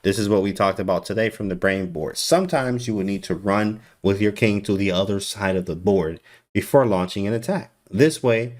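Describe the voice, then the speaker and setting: A man's voice: fairly low pitch, moderate pace. A man giving casual, teasing chess commentary on a live stream and talking to his chat. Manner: animated, teasing, talks to chat.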